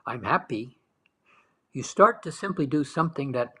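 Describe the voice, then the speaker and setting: Husky guy doing a slow soft meditation talk, drifts into whispers sometimes. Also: mid-range voice, lively intonation. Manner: soft, slow, dwelling on words, dropping to whispers. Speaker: spiritual teacher.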